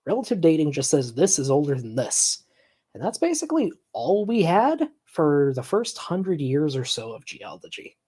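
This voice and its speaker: A man hosting a casual reaction stream, calmly explaining science points to his audience. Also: fairly high pitch, normal speed, slightly rough. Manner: relaxed, explanatory, sighs and laughs at the clip. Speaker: stream host.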